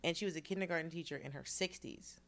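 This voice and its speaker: Lively storytelling woman, low voice. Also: quick pace. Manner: animated storyteller, acts out quotes, swears. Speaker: guest comedian. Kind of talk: casual podcast chat.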